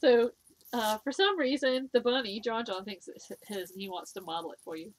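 A woman's voice: a little high, moderate pace, slight background noise. A middle-aged woman hosting a knitting video podcast, chatting to camera in an enthusiastic, gushing way with many ums and laughs. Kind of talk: casual chat to camera.

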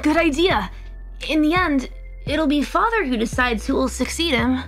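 An earnest young prince , played by a woman, answers with a gravelly edge and a slightly raised pitch. It sounds like a storybook reading with a dash of character. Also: lively intonation, moderate pace, soft background music. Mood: agreeing.

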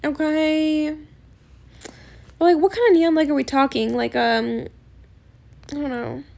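A woman's voice: sits high, fairly even intonation, measured pace, vocal fry, a little mellow. A young woman hosting a gaming video, chatting casually and hesitantly with lots of fillers. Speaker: gaming channel host. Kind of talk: casual gameplay chat.

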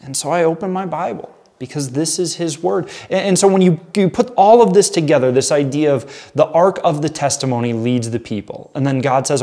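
A man's voice: on the high side, moderate pace, a little mellow. An earnest man teaches a midweek Bible study, speaking conversationally to a camera audience. He reads scripture passages aloud and then rephrases them in plain, everyday words. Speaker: pastor.

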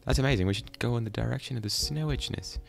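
A man's voice: medium pitch, fast, creaky. A man doing casual, rambling game commentary in a goofy, self-deprecating way, chatting to the animals on screen. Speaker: gaming YouTuber.

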